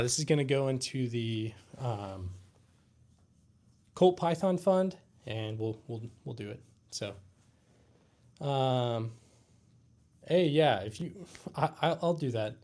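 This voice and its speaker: A man hosting a live Q&A stream, sounding tired and yawning between thoughts. His talk is laid-back and halting, full of fillers and restarts. His voice sits at an ordinary middle pitch. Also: a little mellow. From United States. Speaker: livestream host.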